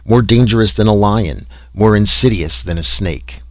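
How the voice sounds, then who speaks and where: A man narrating a story in an expressive, dramatic reading style. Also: on the low side, normal speed, no echo. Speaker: audiobook narrator.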